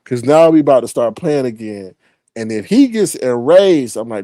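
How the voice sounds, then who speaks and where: A man casually telling a story, animated, swearing freely and acting out the other people's voices. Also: medium pitch, moderate pace, dry recording, clean studio sound.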